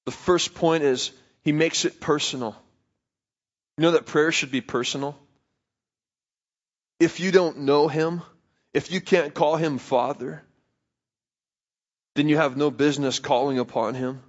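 A man's voice: fairly high pitch, steady tone, measured pace, long pauses. Young preacher man, casual storytelling sermon. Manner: conversational storytelling with self-deprecating humor. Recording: slightly dull lo-fi recording.

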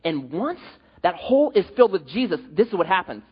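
High husky guy preaching, lively storyteller, echoey dull hall. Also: fairly quick. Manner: animated storytelling with jokes. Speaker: pastor. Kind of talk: sermon.

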